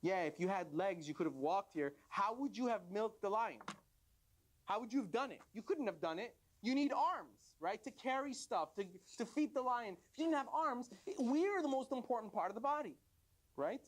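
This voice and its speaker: A man's voice: sits high, expressive, moderate pace. A man voicing a pair of arms arguing that they matter most. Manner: arguing, insistent. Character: boastful pair of arms, male.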